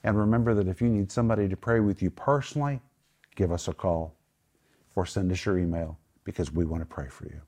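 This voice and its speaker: Earnest preaching man, low voice. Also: brisk, mellow. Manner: earnest, emphatic preaching that moves into spoken prayer; explains Greek word meanings patiently. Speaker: Bible teacher and host. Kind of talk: Bible teaching in a studio group discussion.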